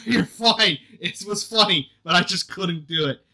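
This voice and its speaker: A young man hosts a casual podcast chat, laughing and poking fun at himself in a flustered, self-deprecating way. His voice sits high and sounds pushed and bright, at a moderate pace.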